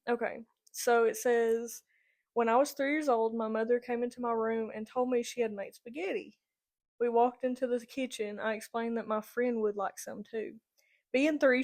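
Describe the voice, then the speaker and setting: A young woman with a fairly high voice tells a story on a casual podcast. She talks chattily, breaks into laughter often and acts out the people in her stories. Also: darkish tone. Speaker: podcast co-host.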